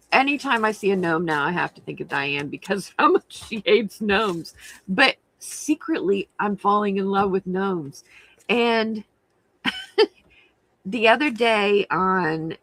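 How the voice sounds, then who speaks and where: A woman's voice: mid-range voice, fairly bright tone, no echo, poor audio. A middle-aged woman hosting a crafting livestream, chatting casually and giggling while reading viewer comments.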